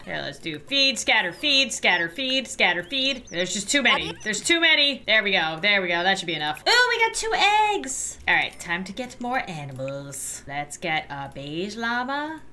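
A woman commentating as she plays a life sim game, excitable and squealing at cute animals while cracking playfully dark jokes. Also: mid-range voice, a little hiss or hum. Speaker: gaming YouTuber.

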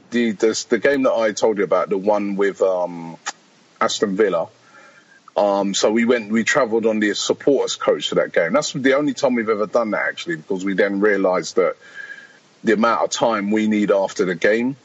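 A man's voice: fairly low pitch, husky, muffled recording. A man, a podcast guest chatting casually and rambling through stories, quoting people as he goes. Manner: rambling storyteller, quotes people, laughs often. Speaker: podcast guest, fan channel founder. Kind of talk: casual chat.

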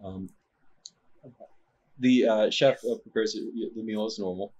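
A man's voice: lowish voice, fairly even intonation, a little slow, darkish tone, breathy edge, highs cut off. A man who narrates as game master in a tabletop game and speaks with a hesitant manner, full of fillers.

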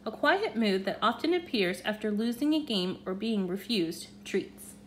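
A woman reads a children's storybook aloud with expressive, animated energy. Her voice is medium-pitched at a normal speed, with slight background noise.

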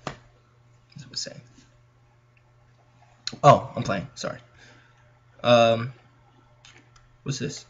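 Extremely slow and pausing often, a young man speaks in a mid-range, slightly bright voice with a Californian accent. As a gaming channel host, he jitters and chats with viewers while working through a horror game. The mic is dull and lo-fi.

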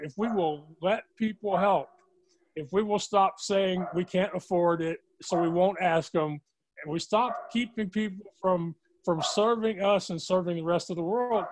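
A man hosting a casual interview, chatty and encouraging toward his guest. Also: high voice. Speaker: podcast host.

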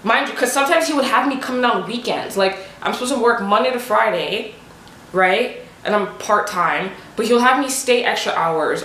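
A young woman telling a storytime vlog, animated and emphatic, firing off rhetorical questions, on a desk microphone at home. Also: a little high, slight background noise. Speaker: vlogger. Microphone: desk USB microphone. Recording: roomy echo.

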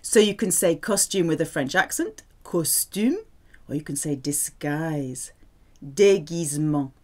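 A woman's voice: low voice, lively intonation, normal speed. A woman teaching French vocabulary, speaking patiently and repeating words with careful pronunciation. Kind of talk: vocabulary lesson.

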